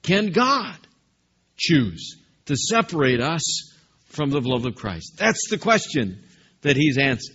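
A man's voice: fairly high pitch, a bit bright, breathy edge, dull audio. A male pastor delivering a sermon, emphatic and repetitive, questioning the congregation.

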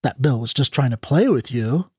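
A man reading aloud and voicing a sly, smooth-talking young cowboy with an earnest, gently mournful way of speaking. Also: medium pitch, expressive, normal speed, no echo, studio quality. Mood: earnest, sorrowful.

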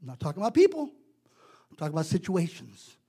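A man's voice: fairly high pitch, huge pitch swings, fast talker, mellow, breathy edge. A male preacher delivering a sermon in a conversational, emphatic way, repeating words for stress.

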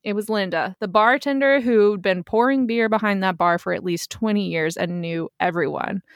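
Brief: young woman narrator, steady plain storytelling, dry close mic. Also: medium pitch, normal speed, hardly any pauses, dry recording. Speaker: storyteller host. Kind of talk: first-person story narration.

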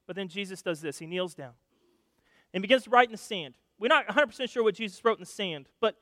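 A male pastor preaching a sermon, telling stories with animated shifts between loud and hushed delivery. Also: sits high, fast, dry recording, studio quality, big-room sound.

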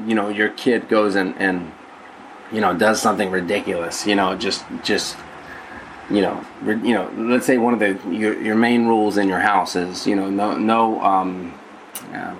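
A man's voice: deep voice, a little hiss or hum, poor audio. A male pastor giving a conversational sermon, rambling with many restarts and repeated words.

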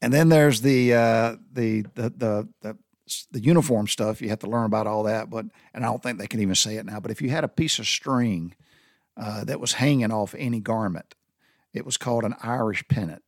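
A man's voice: lowish voice, brisk, no echo, studio quality. A man with a Southern US accent, a Navy veteran rambling casually through sailor slang with many restarts. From Southern United States. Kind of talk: casual spoken monologue.

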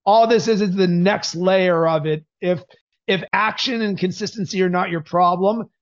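A man hosting a podcast, coaching in an energetic, emphatic way. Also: high voice, moderate pace, dull audio.

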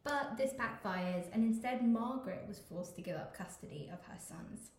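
Higher-voiced woman recounting history, echoey. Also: animated, normal speed, darkish tone, a little hiss or hum. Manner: keeps the story on track, narrating events. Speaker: podcast co-host. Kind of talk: casual history podcast chat. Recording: roomy echo.

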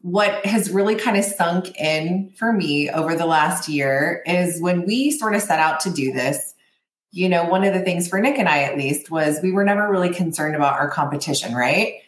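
A woman's voice: fairly low pitch, moderate pace. A woman, a consultant co-hosting a podcast, speaking sincerely and reflectively in casual chat. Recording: echoey room with faint ambient noise.

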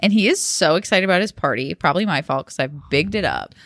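A woman's voice: lowish voice, expressive, quick pace, a bit bright, dry recording, studio quality. A woman in her thirties co-hosting a podcast, chatting casually, rambling and laughing often. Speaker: podcast co-host. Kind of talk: casual chat.

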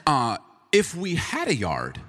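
Animated pastor with a lively voice. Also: male voice, fairly high pitch, slow, big-room sound. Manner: animated, self-mocking, punchy. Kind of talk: humorous sermon storytelling.

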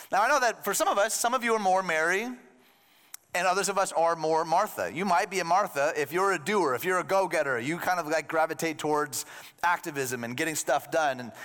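A male pastor preaches a sermon conversationally, adding joking asides for the congregation. His voice is on the high side and a bit bright, heard with long hall reverb.

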